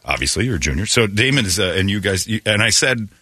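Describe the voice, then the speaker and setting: A man's voice: lowish voice, quick pace, breathy edge, no room sound, studio quality. A man hosting a radio show, chatting casually and telling stories with lots of laughter. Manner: animated storyteller, laughs a lot. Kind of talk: casual morning radio chat.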